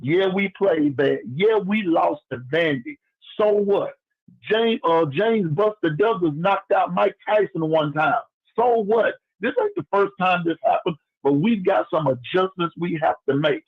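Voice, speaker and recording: A man calling in to a sports show, ranting loudly to fair-weather fans. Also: high voice, lively intonation, a little slow. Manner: loud, fired-up preaching rant. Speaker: caller and chat moderator. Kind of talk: phone-in rant. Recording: dull lo-fi phone call.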